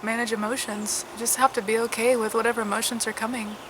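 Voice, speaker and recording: A woman's voice: on the high side, level tone, noisy background. Worn-out woman talking candidly. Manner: candid, halting, swings between soft and loud. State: unwell and worn out. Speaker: vlogger. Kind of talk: emotional personal vlog.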